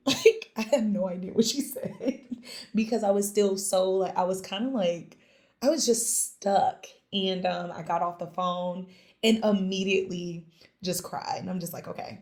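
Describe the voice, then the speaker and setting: A young woman in casual podcast chat, telling a lively story, acting out quoted lines and laughing often. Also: medium pitch, moderate pace. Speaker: podcast guest, small business founder.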